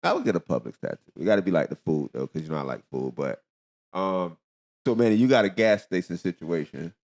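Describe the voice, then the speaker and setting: A man's voice: low voice, animated, fairly quick, darkish tone. A man hosting a casual podcast, chatting and often laughing. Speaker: podcast host. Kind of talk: casual chat.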